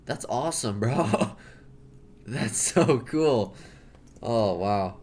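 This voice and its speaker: Chatting casually as he draws, an American-accented man from the United States rambles, cracks jokes, and corrects himself. His mid-range voice is animated and darkish in tone, yet extremely slow.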